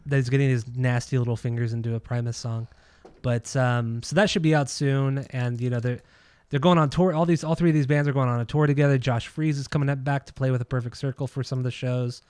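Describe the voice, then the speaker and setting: Here a man co-hosts a relaxed music podcast, talking records and music fast in a smooth, slightly mellow mid-range voice with fairly even intonation. The recording is dry, and he's blunt, opinionated and swears freely.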